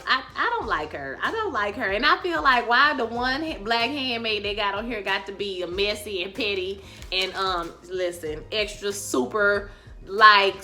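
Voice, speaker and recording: A woman recapping a TV episode in slangy casual chat, calling her viewers y'all and loudly acting out the characters' lines. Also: medium pitch. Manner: animated, acts out characters' lines with loud outbursts. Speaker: TV recap vlogger.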